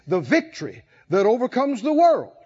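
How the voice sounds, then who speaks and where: High, lively preaching man. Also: normal speed, breathy edge, highs cut off. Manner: preacher who swings from soft to shouted, laughing and exhorting. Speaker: pastor. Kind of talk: sermon.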